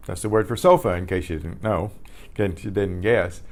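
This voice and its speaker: An older man teaching a beginners' Spanish class, patiently repeating each word several times with clear emphasis. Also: sits low, fairly quick, darkish tone. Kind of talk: slow beginner language lesson. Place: community center class for seniors.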